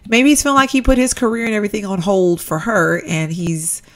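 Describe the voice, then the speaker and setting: A woman giving casual, chatty commentary while playing a life-simulation game, excitable and addressing viewers as "y'all". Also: medium pitch, a little fast. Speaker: Sims let's-play creator.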